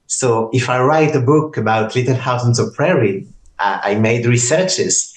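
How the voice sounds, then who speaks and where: A man's voice: medium pitch, moderate pace. Man, Southern French accent, native French speaker, interview guest, careful modest English, echoey room. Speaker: guest, teacher and author. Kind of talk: interview answers. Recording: roomy echo.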